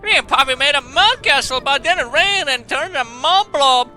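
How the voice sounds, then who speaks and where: A bubbly little village boy in a game, squeaking high and loud as he gushes over everything. His voice jumps all over the place, bright and eager. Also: expressive, normal speed, faint music behind, full character voice. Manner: gushing, breathless enthusiasm. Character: cheerful excitable young boy villager.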